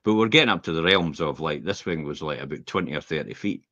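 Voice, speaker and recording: A man's voice: very deep voice, quick pace, no room sound. A middle-aged Scottish man co-hosting a podcast, chatting casually and telling rambling stories with acted-out quotes. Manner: rambling, animated storyteller who acts out quotes. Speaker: podcast co-host. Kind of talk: casual chat, anecdotal storytelling. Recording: dull, slightly lo-fi podcast audio.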